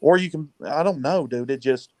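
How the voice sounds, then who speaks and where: A man's voice: a little high, normal speed, no echo. A man venting in an agitated, profane rant, calling people "dude". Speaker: caller venting on a panel show. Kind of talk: emotional rant, casual talk.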